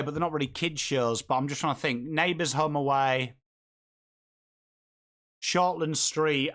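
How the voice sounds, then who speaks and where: A man's voice: medium pitch, a bit bright. A man with an English accent hosting a live football watchalong, chatting casually with viewers and calling the play. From England. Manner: chatty, reads and answers viewer comments while calling the play. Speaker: host of a live footy watchalong. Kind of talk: casual live-stream chat with commentary.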